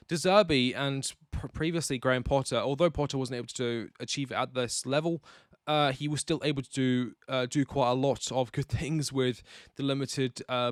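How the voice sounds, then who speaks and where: A man's voice: medium pitch, clean tone, no echo, studio quality. A young man hosting a football channel, giving blunt, sarcastic opinions in a ranting commentary.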